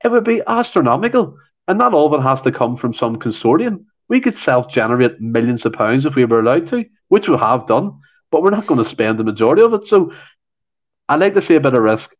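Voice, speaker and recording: A man's voice: medium pitch, very animated, quick pace. A man talks football on a podcast with heated, ranting passion. He often stumbles and repeats himself as he builds his point. The sound is dull and lo-fi. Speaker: podcast co-host. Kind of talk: casual football chat.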